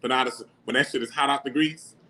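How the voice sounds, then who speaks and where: A man, hosting a casual livestream and chatting back to viewer comments in an animated, slangy way. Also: medium pitch, fast, heavy background noise. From New York. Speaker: livestream host.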